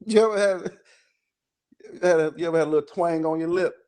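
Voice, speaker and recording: A man co-hosting a casual live-stream chat, halting and searching for his words. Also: on the high side, mellow. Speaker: co-host.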